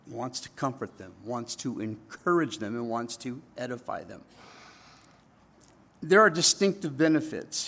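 Man preaching an animated sermon. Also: mid-range voice. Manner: animated, asks the congregation "right?" often. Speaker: pastor.

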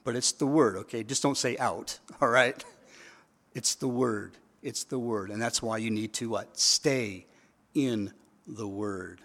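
A man's voice: medium pitch, a little slow, a bit bright, long reverb tail. A man preaching a sermon in a conversational way, with emphatic repeated phrases. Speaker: pastor.

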